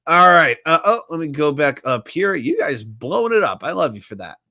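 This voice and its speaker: A slightly high male voice at a moderate pace runs trivia on a relaxed sports talk livestream. He reads viewer comments out loud and cracks jokes in an animated way.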